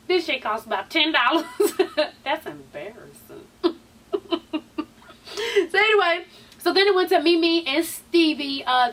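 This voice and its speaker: A woman's voice: high-pitched, fairly bright tone, recorded from a distance, slight background noise. A woman hosting a casual recap vlog, chatty and sassy, swearing freely and calling her viewers "honey". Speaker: YouTube TV show recap host.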